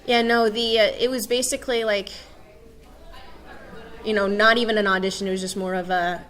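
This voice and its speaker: A woman's voice: medium pitch, fairly even intonation, moderate pace, a bit bright, some chatter behind. A woman voice actress chatting casually on a convention panel, self-deprecating and prone to restarts.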